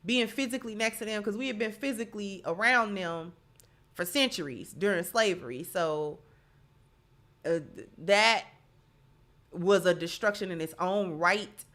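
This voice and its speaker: A woman's voice: mid-range voice, unhurried, a bit bright. A woman hosting a live stream, chatty and emphatic, thanking viewers by name and sounding stuffy from allergies. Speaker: channel host. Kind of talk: live-stream talk, reading viewer comments.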